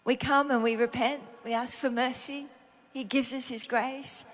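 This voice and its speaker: A middle-aged woman with an Australian accent delivers a sermon in a bright, high voice. She tells stories from her own life in an animated way, acting out prayers and dialogue as she goes. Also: normal speed, slight background noise. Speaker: preacher. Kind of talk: sermon with personal storytelling.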